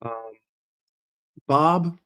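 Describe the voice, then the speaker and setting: A man's voice: on the high side, extremely slow, fairly bright tone, clear, resonant tone. A man hosting a casual livestream while sick and congested, chatting with viewers, greeting them by name and often repeating himself. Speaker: livestream host.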